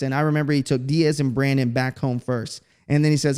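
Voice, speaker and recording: A man's voice: medium pitch, quick pace, hardly any pauses, clean tone. A man from Texas hosting a podcast, telling stories in a casual, slangy, profane way. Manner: profane, slangy, animated storyteller. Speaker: podcast host. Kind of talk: casual storytelling monologue.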